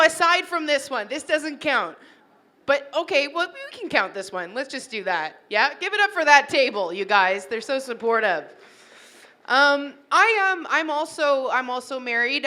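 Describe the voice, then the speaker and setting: Bright-voiced woman doing stand-up. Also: sits high. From Toronto, Canada. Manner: chatty, teasing the crowd. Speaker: stand-up comedian. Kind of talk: stand-up comedy set. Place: wedding reception hall.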